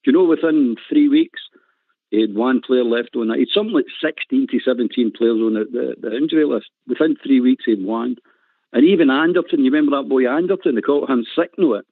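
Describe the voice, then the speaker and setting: A man's voice: medium pitch, quick pace, no room sound. Scottish man, caller, passionate rant, tinny phone line, dry sound. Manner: passionate, ranting, laughs often.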